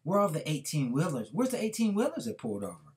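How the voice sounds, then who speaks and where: A man voicing a calm, reassuring father who speaks softly and steadily. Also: a little high, quick pace, voice pushed up. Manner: calm, soft-spoken.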